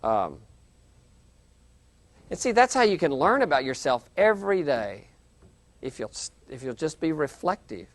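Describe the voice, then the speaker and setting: A man lecturing a university class in a conversational, animated way, acting out quoted reactions. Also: medium pitch, moderate pace, long pauses. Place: lecture hall, televised class.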